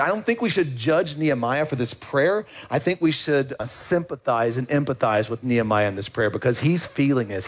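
Speaking a little high, this pastor delivers his sermon in a conversational style and often asks the congregation questions.

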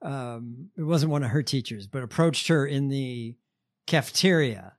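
A man hosting a podcast in casual chat, telling stories haltingly with many fillers and a sardonic edge. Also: medium pitch. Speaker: podcast host.

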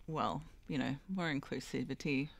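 A woman from Australia on a radio panel, earnest and quick to laugh along. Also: extremely low pitch, vocal fry, dry recording. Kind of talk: casual chat.

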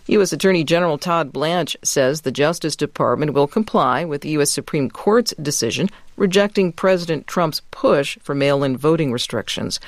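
Man, newsreader, slightly high voice, measured clipped delivery, dry studio sound. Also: dry recording. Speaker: newscaster. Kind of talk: news bulletin reading. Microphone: studio mic.

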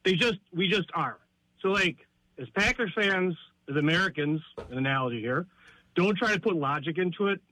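A man's voice: high-pitched, lively intonation, normal speed, sharp tone, no echo, rough recording. Rambling wry male caller. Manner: rambling, wry, full of asides. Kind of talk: casual call-in chat.

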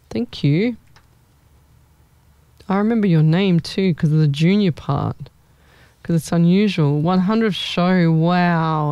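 Young medium, casual live-stream chat, thinks aloud, mellow, dry close sound. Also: medium pitch, smooth, dry recording. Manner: chatty, rambling, thinks aloud.

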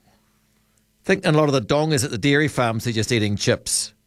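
A man's voice: medium pitch, brisk, no room sound, clean studio sound. A man with a New Zealand accent hosting a late-night radio talk show, chatting casually and quizzing his callers. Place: radio studio. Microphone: studio microphone.

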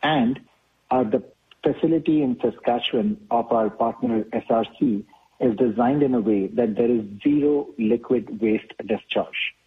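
Husky man, measured explanatory tone, interview guest, phone-like line. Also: mid-range voice. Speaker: chief operating officer, guest. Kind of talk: interview answers.

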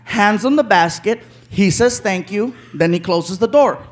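A man telling a story as a stand-up comedian, animated and loud, acting out the people in it. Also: high-pitched, normal speed. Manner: animated, loud, acts out characters with shouted voices. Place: live comedy venue with laughing audience. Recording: live show with loud crowd noise.

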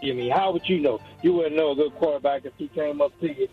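An older man from Georgia phones in to a radio show, talking earnestly and rambling through restarts. His voice sits a little high. The line sounds muffled and lo-fi, with faint music behind him. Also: fast. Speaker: caller. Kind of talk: call-in radio talk.

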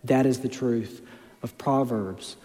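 A man in his thirties preaching a sermon as pastor, moving between quiet storytelling and loud, emphatic exhortation. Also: medium pitch, takes it slowly, in a large hall.

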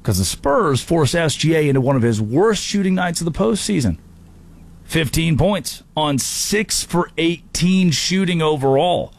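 A man hosting a sports talk show, delivering an animated, jokey monologue with quick impressions. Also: a little high, gravelly.

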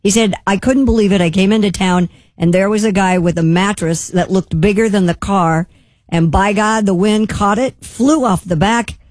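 A man's voice: high-pitched, moderate pace, no echo. A man on a radio show reading a listener letter aloud in a light, slightly hesitant way.

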